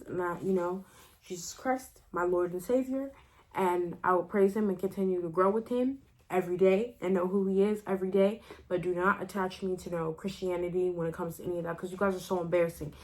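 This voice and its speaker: Rambling, animated young woman ranting. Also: on the low side, a little fast. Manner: animated, rambling, many "like" fillers and self-interruptions; laughs between phrases while ranting. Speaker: vlogger. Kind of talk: casual rant to camera.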